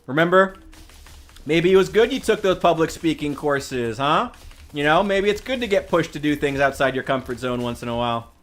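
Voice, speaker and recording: A male streamer talks casually over his game, ranting and swearing with a sarcastic edge. His voice sits a little high and swings widely in pitch, jumping up when he gets worked up. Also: lively intonation, normal speed, a bit bright. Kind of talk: casual gaming stream chat.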